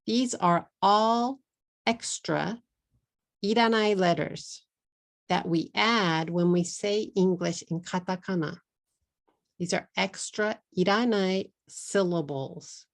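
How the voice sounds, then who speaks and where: Slow, gravelly Texan woman teaching pronunciation. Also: mid-range voice. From Texas. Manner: drills words slowly and repeats them clearly; mixes in simple Japanese words. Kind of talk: slow, deliberate pronunciation lesson.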